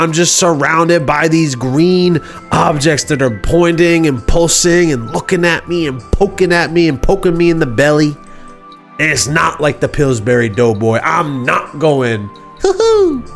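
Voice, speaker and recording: A man's voice: on the high side, unhurried, creaky, soft background music. A man hosting a live stream, telling a rambling, playful made-up story with lots of self-interruptions. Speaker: streamer host. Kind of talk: improvised comic storytelling.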